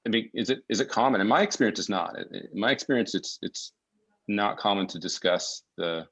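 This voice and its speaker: Deep-voiced man, halting and reflective. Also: fairly bright tone, low-quality recording. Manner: reflective, searching for words with many restarts. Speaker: podcast guest. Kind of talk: casual conversational interview. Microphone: remote call mic.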